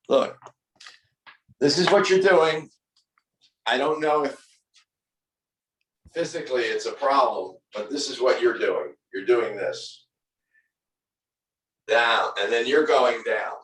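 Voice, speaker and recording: Over a call, a man with a mid-range voice coaches a dog owner through training drills hands-on, firm and corrective, repeating his instructions. The recording is low quality and reverberant.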